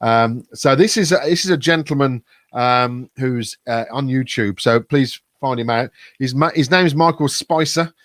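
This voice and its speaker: A male host of a casual live stream, chatty and rambling, always reaching for "uh" and "um". His voice sits in a middle pitch. The sound is dry, with no room echo. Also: moderate pace, a bit bright. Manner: rambling, filler-heavy, restarts.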